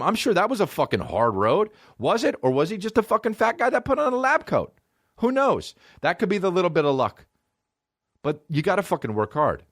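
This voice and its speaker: Man ranting with wild pitch swings. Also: a little fast, no echo, studio quality. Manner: profane, excitable, swings between shouting highs and low mutters. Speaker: podcast host. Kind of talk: solo comedy podcast rant.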